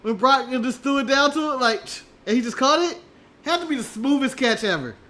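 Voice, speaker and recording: High bright us guy cohosting a stream, jokes around, laughs a lot. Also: expressive, a little fast. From United States. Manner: jokey, laughs often. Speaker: co-host. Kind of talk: casual live-stream chat.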